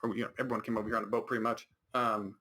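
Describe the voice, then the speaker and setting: A man's voice: fairly low pitch, flat delivery, very fast, bright, forceful tone. A man with an American accent co-hosting a casual podcast, rambling with many fillers and restarts. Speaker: podcast co-host. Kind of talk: casual chat.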